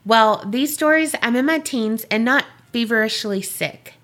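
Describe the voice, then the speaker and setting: A woman co-hosting a podcast, bantering with quick laughs and reading a listener's email aloud. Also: on the high side. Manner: giggly, animated, quick banter. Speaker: podcast co-host.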